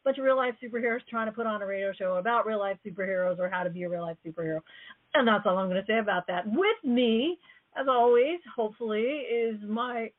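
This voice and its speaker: A woman hosting a radio show in casual, rambling chat, her voice going hoarse. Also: fairly high pitch, fast. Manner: chatty, rambling, joking. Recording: phone-like narrow band.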